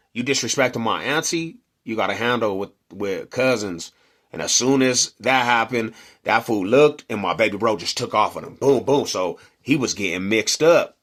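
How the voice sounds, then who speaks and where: Slangy man telling a street story. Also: lowish voice. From Denver, Colorado. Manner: slangy, animated, acts out quotes and punches.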